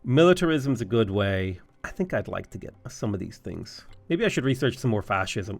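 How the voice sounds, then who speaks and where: A man's voice: on the low side, very animated, moderate pace, vocal fry, few pauses. A young Irish man giving chatty, enthusiastic let's-play commentary, thinking aloud as he plays a strategy game. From Ireland. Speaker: gaming YouTuber.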